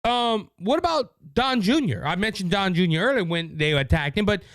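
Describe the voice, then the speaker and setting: A man's voice: high-pitched, animated, normal speed, a bit bright, dry recording, clean studio sound. A man with a Cajun Louisiana accent hosting a political talk show, delivering indignant, mocking commentary with many repetitions.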